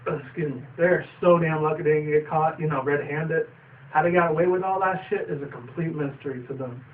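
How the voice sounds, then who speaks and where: A young man with a slightly high voice talks a little fast while casually reviewing a cartoon episode. He rambles, using fillers and casual swearing, and the recording sounds distant and tinny like a phone, with faint noise.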